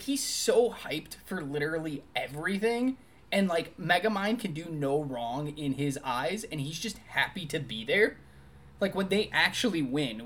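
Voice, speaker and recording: A podcast co-host reviewing a movie in casual chat, talking in an animated, enthusiastic way with quick asides. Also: medium pitch.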